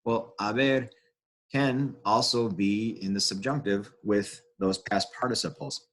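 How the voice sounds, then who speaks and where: A man explaining a lesson as a teacher, casual and unhurried, pausing with fillers and restarting phrases. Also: lowish voice, fairly bright tone. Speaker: Spanish teacher. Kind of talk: classroom-style lesson explanation.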